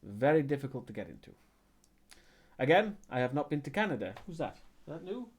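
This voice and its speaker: Man, Welsh accent, casual stream chat, wry asides, animated pitch. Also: brisk, breathy edge. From Wales. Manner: chatty, wry, self-correcting asides. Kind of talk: casual chat reading live chat.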